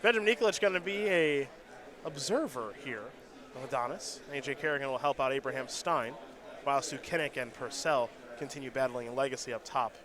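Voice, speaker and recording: Over crowd noise, a man with a mid-range voice gives brisk, joking live play-by-play of a card game tournament. Now and then he trips over the card names.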